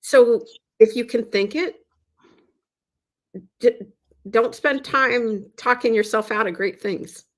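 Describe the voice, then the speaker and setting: A woman's voice: on the high side, slow, pauses often. Earnest woman telling a story. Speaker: guest. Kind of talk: casual interview chat.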